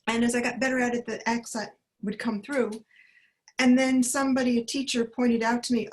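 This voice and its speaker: A woman's voice: a little high, normal speed, rough recording. A woman asking her teacher a question in an online group, speaking hesitantly with many fillers. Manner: hesitant, self-conscious. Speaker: student medium.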